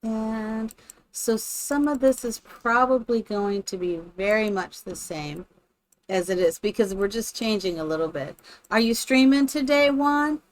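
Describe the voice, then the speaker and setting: A chatty woman live-streams a building game, thinking aloud and greeting viewers by name in casual commentary. Her voice is mid-range and her pace measured.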